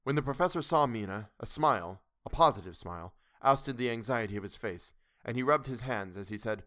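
A man reading a classic novel aloud in a measured, steady storytelling voice. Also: medium pitch, dry recording, clean studio sound. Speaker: audiobook narrator. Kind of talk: audiobook reading.

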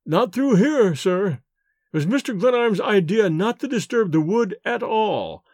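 A man voicing a calm, respectful male servant in a storybook, polite and unruffled. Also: high-pitched, a little slow, no echo, clean studio sound. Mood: deferential. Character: calm, deferential male manservant.

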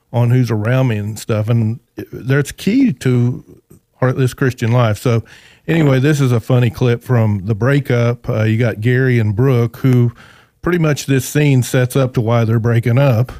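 A male podcast co-host talking earnestly and haltingly, with many fillers, as he sets up a film clip. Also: medium pitch, dark tone, dry recording. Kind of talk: casual studio chat.

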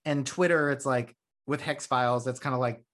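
Male podcast host, rambles excitedly and swears freely, mid-range voice. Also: medium pitch, normal speed. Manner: rambling, profane, excitable storytelling. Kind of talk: casual chat.

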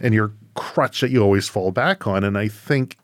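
A man's voice: on the low side, moderate pace, no room sound, clean studio sound. A man hosting a podcast interview, thinking aloud reflectively with frequent tag questions. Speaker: podcast host.

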